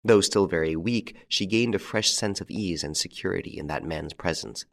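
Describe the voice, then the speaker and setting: Male narrator, deep low voice, measured storytelling, audiobook reading. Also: vocal fry. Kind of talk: scripted narration of a novel.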